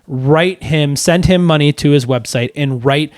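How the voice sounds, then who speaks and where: A man's voice: on the high side, measured pace, darkish tone, dry recording, clean studio sound. A man co-hosting a podcast in casual chat, rambling and acting out quoted phone calls. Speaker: podcast co-host.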